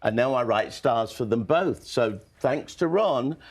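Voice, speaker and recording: Man, studio guest, theatrical, effusive, storytelling, medium pitch. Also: lively intonation, unhurried. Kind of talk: casual studio chat.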